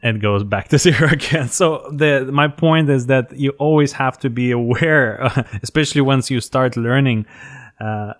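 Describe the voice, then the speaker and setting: A man's voice: medium pitch, unhurried. Hesitant man hosting an interview. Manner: hesitant, restarts with fillers. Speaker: podcast host. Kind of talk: casual interview conversation.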